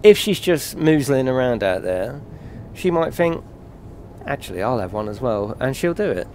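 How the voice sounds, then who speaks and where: Here a British gamer from England sounds very animated, his mid-range voice darkish in tone and moving at a moderate pace over slight background noise. He chats, jokes, curses and laughs with viewers during a live stream.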